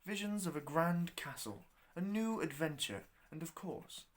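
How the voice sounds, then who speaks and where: A man reading his own novella aloud as narrator, with an expressive, wry delivery. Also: on the high side, measured pace. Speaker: storyteller.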